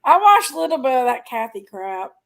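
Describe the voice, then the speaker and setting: A woman's voice: sits high, big pitch swings, brisk, vocal fry, rough recording. A woman joining a casual livestream, blunt and opinionated in her talk.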